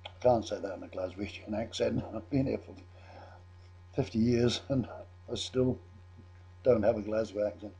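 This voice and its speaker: An older man from England telling a personal story in a chatty, self-amused way, often restarting his sentences. His voice sits low, with a mellow, very raspy tone. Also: normal speed, pauses often, highs cut off. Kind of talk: personal anecdote.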